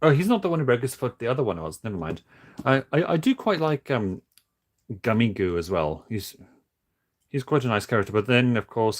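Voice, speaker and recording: A man streaming casually while building toys, talking in a flat, monotone way with many halting restarts. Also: lowish voice. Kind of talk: casual livestream chat.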